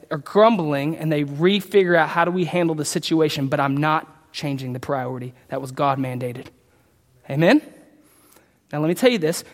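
A man preaching a sermon as pastor, emphatic, with loud outbursts and quiet asides. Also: fairly high pitch. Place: church sanctuary. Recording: long hall reverb.

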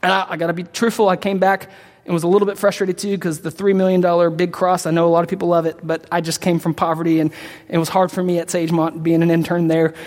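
A young man preaching a sermon, telling a personal story with passion and rising to near shouts. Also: sits high, level tone, fast. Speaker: pastor. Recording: reverberant hall.

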